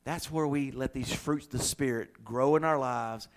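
A man's voice: mid-range voice, normal speed. A man preaching a sermon, telling homey stories with acted-out quotes and building to emphatic passages. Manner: folksy storytelling, acts out quotes, builds to loud preaching. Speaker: pastor.

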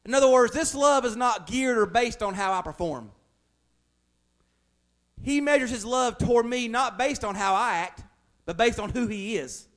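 A man's voice: extremely high pitch, fairly bright tone. A man, a pastor preaching a conversational sermon that builds to emphatic, raised passages.

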